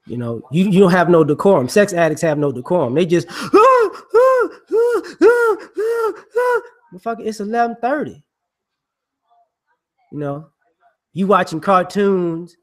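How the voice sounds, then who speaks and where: A man giving casual, rambling monologue commentary in slangy speech, filled with "you know" and quick acted-out voices. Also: fairly high pitch. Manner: acts out people he mocks with quick voices.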